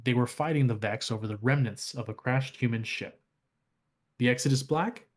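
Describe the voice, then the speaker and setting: A man's voice: medium pitch, a little fast. A man co-hosting a podcast, casually retelling game lore and reading passages aloud, with some fillers. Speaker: podcast co-host.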